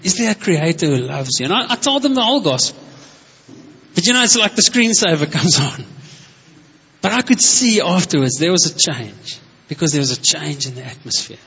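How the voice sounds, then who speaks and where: A man's voice: fairly high pitch, very animated, normal speed, pushed and bright, slightly rough. A male pastor giving a conversational sermon, telling stories with enthusiasm and calling out to the congregation. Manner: enthusiastic, storytelling, calls out to the congregation. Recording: echoey hall, dull lo-fi sound.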